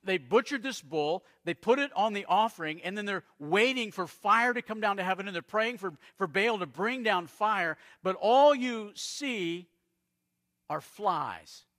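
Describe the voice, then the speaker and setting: Bright slightly high voiced pastor guy from arizona, storytelling sermon, drops quiet then booms. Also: expressive. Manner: storytelling preacher, dramatic pauses and swings in loudness.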